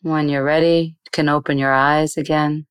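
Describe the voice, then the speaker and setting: A woman meditation teacher explaining meditation in an interview and then slowly guiding a breathing exercise in a soothing voice. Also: sits low, little pitch movement, clean tone, no room sound.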